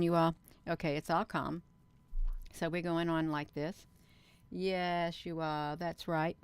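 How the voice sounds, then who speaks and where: This livestream host has a deep, clean voice recorded without any room sound. She's chatty, keeps addressing her audience as "you all," and mutters to herself as she works.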